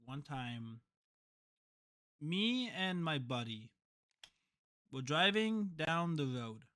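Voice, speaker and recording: Young male co-host, bright and easygoing, drawls through stories with fillers. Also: fairly high pitch, very animated, extremely slow. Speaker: podcast co-host. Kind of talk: casual chat.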